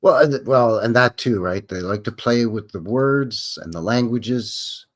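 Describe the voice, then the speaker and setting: A Canadian man talks off the cuff on a live stream, rambling and joking in folksy slang. His pitch swings up and down freely and keeps the talk animated. The feel is loose and unscripted. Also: a little slow. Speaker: host. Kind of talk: casual live-stream chat.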